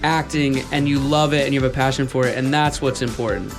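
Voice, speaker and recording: A man's voice: medium pitch, fairly even intonation, brisk. A male host wrapping up a studio show in a loose, joking way, with faint music playing under his voice. He chats easily and teases his guests as he reads out the plugs. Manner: playful, joking sign-off patter. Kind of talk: casual podcast chat. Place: radio studio.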